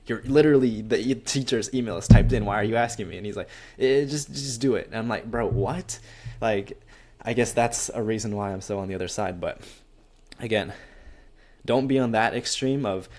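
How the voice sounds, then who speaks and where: A young man, a college student, giving casual life advice to camera, rambling and acting out little conversations. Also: fairly low pitch. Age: young adult. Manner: rambling and animated, acts out quoted exchanges with lots of "like". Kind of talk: casual self-help talk to camera.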